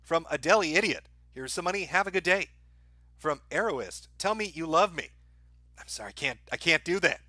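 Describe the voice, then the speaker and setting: Reading viewer donations on his stream, this male host is animated and brisk yet dry and offhand, dropping lots of "uh"s and crude, irreverent jokes. His bright, sharp voice sits somewhat high for a man, recorded close and dead with no echo or room sound.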